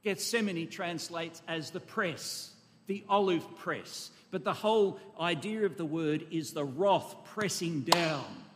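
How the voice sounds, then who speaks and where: A man's voice: on the high side, takes it slowly, a little hiss or hum. A man preaching an expository sermon, emphatic and full of rhetorical questions and asides to his congregation. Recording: long echo of a large hall.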